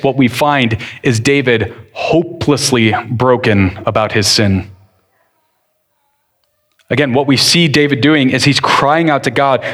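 Earnest slow-preaching man pastor. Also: medium pitch, a bit bright. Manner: earnest preaching, shifting between slow deliberate stress and quick bursts. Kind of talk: sermon.

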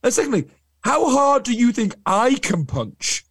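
Animated English man telling stories. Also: extremely high pitch, unhurried, breathy edge. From England. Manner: animated anecdotal storyteller. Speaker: podcast co-host. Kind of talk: casual podcast chat.

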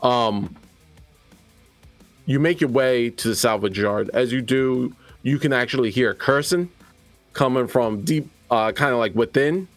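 A man's voice: medium pitch, unhurried, no room sound. A man narrating as game master, loose and hesitant, with faint music behind.

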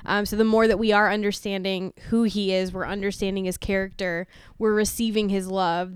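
A woman speaking earnestly and gently in a casual teaching talk. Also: mid-range voice, brisk, few pauses, clean tone, no room sound.

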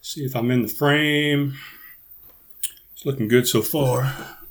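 A man's voice: mid-range voice, fairly even intonation, slow pace, fairly bright tone, breathy edge. A man hosting his own podcast in a casual solo chat, rambling and swearing freely into a podcast microphone. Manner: rambling and profane, with many restarts. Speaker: podcast host.

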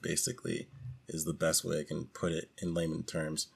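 A man's voice: a bass voice, monotone, moderate pace, vocal fry, breathy edge. A man co-hosting a casual podcast chat, joking with blunt, slangy humor. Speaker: podcast co-host.

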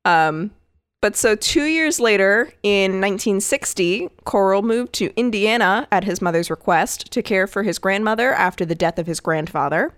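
A woman's voice: medium pitch, lively intonation, moderate pace, a bit bright, no echo, studio quality. A woman co-hosting a podcast, telling a case story in casual chat with frequent asides and the odd swear word.

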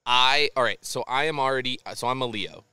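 Bright, clear-voiced man telling stories. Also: medium pitch, a little fast, dry recording. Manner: animated storyteller, swears freely. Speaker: podcast guest. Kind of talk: casual chat over beers.

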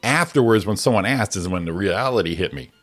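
A middle-aged man co-hosting a morning show, telling stories in casual chat and shouting out the voices of people in them. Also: on the low side, fairly quick. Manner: animated storyteller, shouts out quoted voices.

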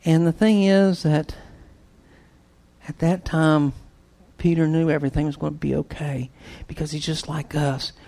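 A man with a notably high voice preaches, telling a story with lively swings in force. He leaps to loud bursts, then drops into hushed, near-whispered lines. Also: unhurried, vocal fry. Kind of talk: storytelling sermon.

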